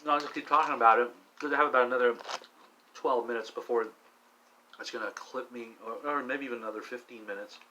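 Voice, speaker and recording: A middle-aged man vlogging alone while high, rambling with many restarts and frequent swearing. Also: fairly even intonation, fast, highs cut off, noisy background. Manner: meandering, profane, restless restarts. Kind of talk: rambling solo monologue.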